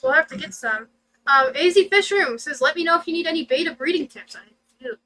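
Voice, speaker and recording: A woman's voice: high-pitched, expressive, brisk, pushed and bright, a little hiss or hum, poor audio. A middle-aged woman co-hosting a casual livestream, chatty and giggly as she thanks viewers by name. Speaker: livestream co-host.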